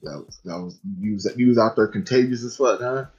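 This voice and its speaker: A man's voice: on the low side, a little mellow, husky, highs cut off, faint music behind. A man co-hosting a podcast, teasing his friend with short reactions in casual chat. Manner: teasing, quick reactions and laughs. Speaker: podcast co-host.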